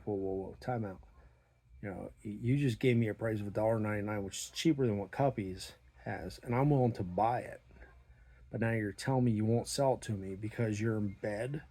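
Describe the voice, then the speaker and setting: A middle-aged man telling a story about his small business in a blunt, profane, animated way, acting out the dialogue. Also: lowish voice, slightly rough. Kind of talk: casual storytelling monologue.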